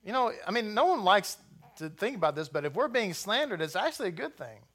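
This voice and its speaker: A man's voice: sits high, sing-song, quick pace, fairly bright tone. A man preaching a sermon as rabbi, blunt and rousing, with jokey asides to the congregation.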